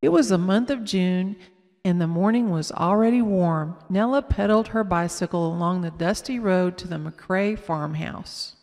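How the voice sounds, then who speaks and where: A woman reading a children's story aloud slowly and carefully, with small slips. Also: on the low side, a little mellow. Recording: long echoing reverb.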